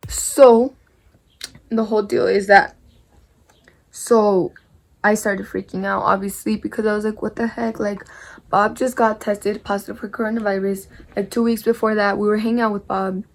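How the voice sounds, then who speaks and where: Young woman with a flat, gravelly drawl. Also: medium pitch, moderate pace. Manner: rambling, repetitive, peppered with "like" and mild swearing. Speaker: vlogger. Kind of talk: casual story time while doing makeup.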